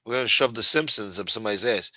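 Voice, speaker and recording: A man's voice: fairly low pitch, very fast, pushed and bright, no room sound. A man hosting a casual live stream, rambling and swearing, reading chat aloud and acting out quotes in a raised voice.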